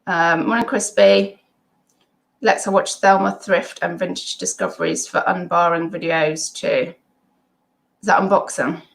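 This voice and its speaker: A woman's voice: fairly low pitch, steady tone, unhurried, vocal fry. A middle-aged woman, hosting a casual live stream at home, reading chat comments and rambling with many ums and asides.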